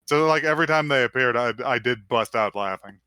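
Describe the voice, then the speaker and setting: A man's voice: mid-range voice, brisk, bright, forceful tone, clear, resonant tone, no echo, clean studio sound. A man co-hosting a podcast, making wry jokes and laughing a lot in casual chat. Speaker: podcast co-host.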